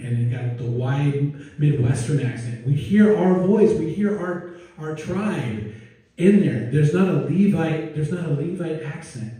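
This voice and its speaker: Casual pastor in a very echoey church. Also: male voice, a little high, lively intonation, a little slow, dark tone. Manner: casual, digressive, with joking asides and restarts. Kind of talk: conversational sermon. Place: church sanctuary. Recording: very echoey room, distant mic.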